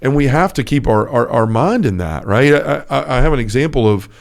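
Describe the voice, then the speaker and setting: A man's voice: mid-range voice, animated, a little fast, gravelly. A man co-hosting a casual faith podcast, telling stories earnestly with lots of fillers. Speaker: podcast co-host.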